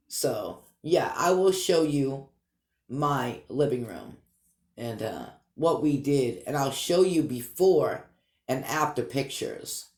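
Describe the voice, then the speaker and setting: A man with a Boston accent, chatting casually and rambling upbeat to his vlog viewers. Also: medium pitch. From Massachusetts. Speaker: vlog host. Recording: echoey room.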